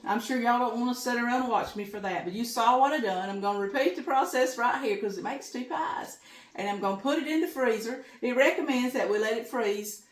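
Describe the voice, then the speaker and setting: An older woman with a Southern US accent hosting a homespun cooking show, talking in a folksy, chatty way in her home kitchen. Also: fairly high pitch. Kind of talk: casual cooking demonstration. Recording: echoey kitchen room.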